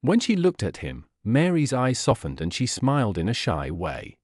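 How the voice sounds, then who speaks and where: Casting: male audiobook narrator for learners, clear and plain, lively pitch, dry close sound. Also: moderate pace, no echo.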